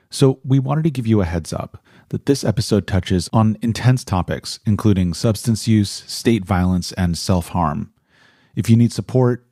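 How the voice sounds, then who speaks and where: A man's voice: on the low side, warm tone, no room sound, clean studio sound. A man hosting an investigative series, reading a serious, careful content warning. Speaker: series host.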